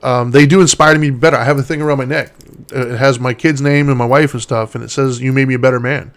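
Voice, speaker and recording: A man's voice: mid-range voice, steady tone, quick pace. A middle-aged man co-hosting a casual podcast chat, talking in an earnest, conversational way with frequent fillers. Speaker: podcast co-host.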